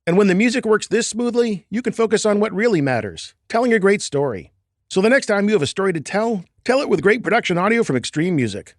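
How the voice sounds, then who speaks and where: A man's voice: sits high, sing-song, fast talker, dry recording, clean studio sound. A man hosting a podcast about film editing, playful and self-mocking as he introduces guests and reads an ad. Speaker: podcast host.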